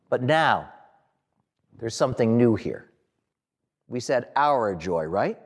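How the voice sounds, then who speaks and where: A man preaching a sermon in a slow, dramatic way, with long pauses and phrases that fall away at the end. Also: medium pitch, big pitch swings. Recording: long hall reverb.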